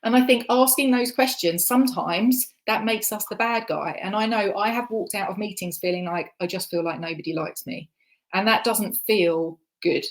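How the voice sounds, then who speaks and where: A woman's voice: mid-range voice, moderate pace, hardly any pauses. A woman giving a conference presentation, chatty and self-deprecating, with frequent ums. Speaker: conference speaker. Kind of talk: presentation talk. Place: online conference session.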